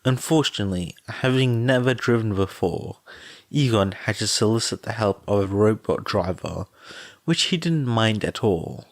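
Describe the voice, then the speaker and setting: A man narrating a fan fiction audiobook in a slow, even reading voice. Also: lowish voice, no echo.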